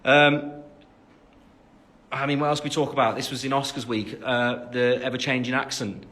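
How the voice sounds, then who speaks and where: His delivery is flat and his tone sharp, with a medium pitch and normal speed. A Midlands-accented Englishman in his twenties, he answers fan questions in a loose phone-camera livestream from home after the gym, peppering his talk with fillers and self-deprecating asides.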